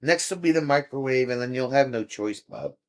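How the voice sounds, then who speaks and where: A livestream host talks a little fast in an expressive, medium-pitched voice. He chats casually with his live audience, reading their comments aloud with frequent chuckles.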